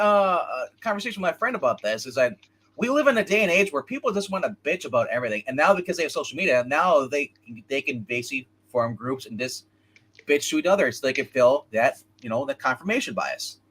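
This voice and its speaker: A man's voice: on the high side, very animated, fast, bright, forceful tone, husky. A man co-hosting a casual comics livestream, rambling and opinionated as he chats with a co-host and viewers. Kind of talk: casual live-stream chat.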